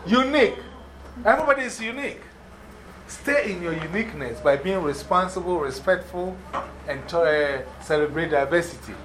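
A man with an African accent speaks to a class of schoolchildren in a fairly high voice. He lays out his points emphatically, repeats them and keeps asking whether everyone understands. Faint room noise sits under his voice. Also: lively intonation, moderate pace, fairly bright tone, rough recording. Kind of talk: motivational classroom talk.

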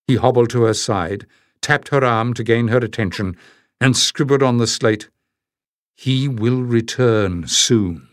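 Man reading a fantasy audiobook, steady storyteller, mid pitch, dry close mic. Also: normal speed, no echo. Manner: steady storytelling, switching into character voices. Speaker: audiobook narrator. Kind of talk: scripted narration.

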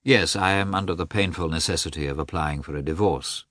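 A cold, formal statesman, as a male narrator reads him, restrained and measured in every word. The voice sits very low and is recorded dry and close. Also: fairly bright tone, dry recording.

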